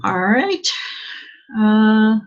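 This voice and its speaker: A woman's voice: mid-range voice, sing-song, very slow. A woman teacher giving a chatty English exam lesson, asking rhetorical questions and using plenty of fillers. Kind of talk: online lesson. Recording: dull lo-fi sound.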